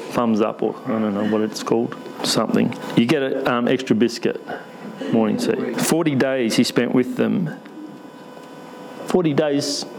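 A man's voice: mid-range voice, creaky, background noise. A man preaching a conversational sermon in church, asking the congregation questions with light humour.

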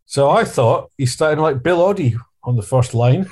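A man's voice: fairly high pitch, normal speed, hardly any pauses, a little mellow. A man co-hosting a podcast, chatting casually in a rambling, detailed way with occasional chuckles. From England. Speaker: podcast co-host. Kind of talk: casual chat.

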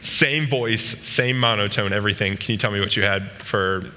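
A man giving a casual talk to a youth group, with a very bright, sharp voice. He jokes and checks in with the room as he goes, and his words ring out in a large, reverberant hall. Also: fairly low pitch, normal speed, slight background noise. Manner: casual and joking, asks the room questions often. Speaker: youth pastor. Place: large room with a live audience.

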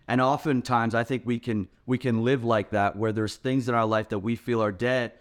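A man's voice: medium pitch, steady tone, moderate pace. A man preaching a sermon as pastor, in an earnest, emphatic way.

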